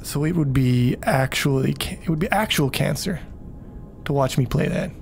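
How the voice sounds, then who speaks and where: A man's voice: a little high, normal speed, vocal fry, faint music behind. A man casually commenting on his game during a livestream, rambling, swearing freely and chatting with viewers. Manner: rambling, profane, talks to chat.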